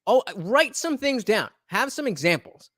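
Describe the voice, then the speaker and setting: A man's voice: sits high, sing-song, measured pace, a bit bright, no room sound. Streamer host, male, loose rambling commentary, dry close mic. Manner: rambling, frequent fillers and restarts, blunt with swearing. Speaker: streamer reacting to a debate clip. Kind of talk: casual reaction commentary.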